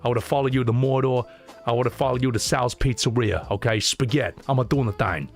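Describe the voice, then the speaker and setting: A man's voice: medium pitch, fairly quick, creaky, soft background music, voice pushed down, close to an everyday voice. A man putting on the voice of Aragorn as a brash, streetwise New York tough guy, mocking a modern take on a fantasy film. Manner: blunt, streetwise swagger.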